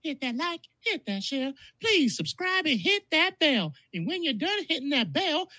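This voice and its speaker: A squeaky, sing-song hype announcer, put on by a man in a comic blooper, shrill and bright. The voice sits very high, and the dry, close sound leaves no room around it. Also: very animated, normal speed, no echo, exaggerated voice. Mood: hammy.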